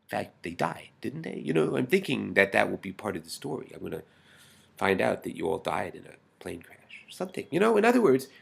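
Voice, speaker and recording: A man speaks in a deeply gravelly, husky voice with plenty of vocal fry. He rambles intensely through a personal video message, full of halting restarts and swearing, and often sinks to a whisper. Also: very animated.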